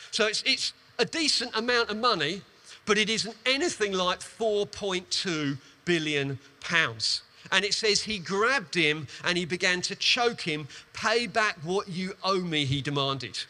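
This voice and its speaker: A man delivers a sermon in a high, ringing voice with a bright, cutting edge. He retells a parable with animated emphasis, often doubling his words as he drives a point home. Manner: animated storytelling, quick emphatic repetitions. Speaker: preacher.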